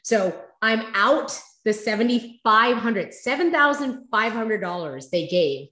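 Animated woman in an echoey room. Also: fairly high pitch, a little slow. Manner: animated, acts out past conversations. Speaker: interview guest. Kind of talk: storytelling in a conversational interview.

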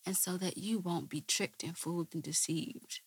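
A woman's voice: lowish voice, normal speed, breathy edge, no room sound. A woman host answering viewer questions with earnest religious teaching, often asking rhetorical questions and checking with "right?".

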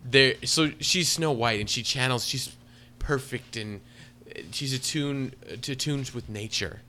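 A man's voice: medium pitch, measured pace, pushed and bright, a little hiss or hum. A man co-hosting a podcast, giving a sarcastic, exaggerated movie review in casual chat. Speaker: podcast co-host.

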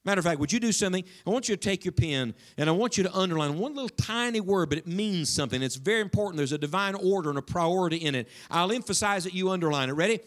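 High-voiced preacher with dramatic swings. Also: male voice, fast, hardly any pauses. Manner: preaching with sweeping swings between loud emphasis and hushed asides. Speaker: pastor. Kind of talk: sermon. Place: church.

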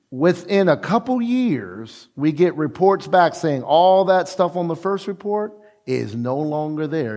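Male pastor with a high, animated preaching voice and storytelling delivery. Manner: lively storytelling preacher, acts out quoted voices; repeats words and restarts when building up. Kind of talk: sermon.

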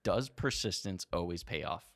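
A man co-hosting a podcast, telling a long story in an animated way and swearing freely. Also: low-pitched, moderate pace, dry recording, clean studio sound. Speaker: podcast co-host. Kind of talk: casual storytelling chat.

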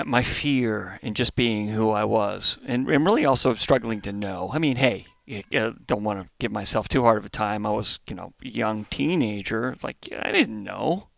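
A man's voice: on the low side, creaky, fairly bright tone, no room sound. A middle-aged American man, a brewery founder, being interviewed on a podcast; he is thoughtful and often restarts his phrases while he searches for words. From United States. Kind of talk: reflective conversational interview. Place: home in Hawaii.

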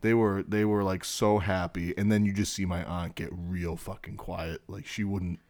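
Man, very low voice, casual podcast chat, profane storyteller, laughs a lot. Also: level tone, normal speed, a little mellow, a little hiss or hum. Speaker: podcast co-host. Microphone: headphones and mic.

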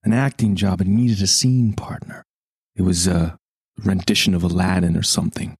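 A man's voice: low voice, fairly even intonation, moderate pace, slightly rough, dry recording, studio quality. A man playing a tabletop game, riffing in a theatrical, mock-earnest comedic style. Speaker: player. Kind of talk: comedic improv.

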